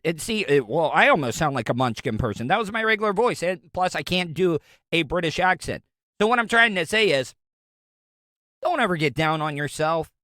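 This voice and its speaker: A man's voice: a little high, pushed and bright, no room sound, studio quality. A man hosting a casual solo show, talking in a rambling, joking way. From Florida, USA. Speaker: podcast host.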